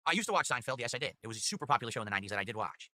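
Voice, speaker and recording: A man streaming, answering chat questions in a rapid, matter-of-fact way. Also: mid-range voice, sing-song, pushed and bright, dry recording. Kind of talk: live-stream chat reading.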